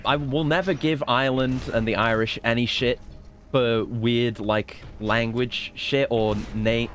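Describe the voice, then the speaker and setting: A man streaming a video game, chatting casually in a profane, joking, rambling way. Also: medium pitch. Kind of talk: casual gameplay commentary.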